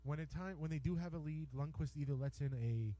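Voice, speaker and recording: A man's voice: fairly high pitch, fairly quick, dark tone, rough recording. An American man co-hosting a casual sports radio show, hesitant and full of repeated words, ribbing his partner. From United States. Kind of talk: casual bantering sports talk. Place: radio studio.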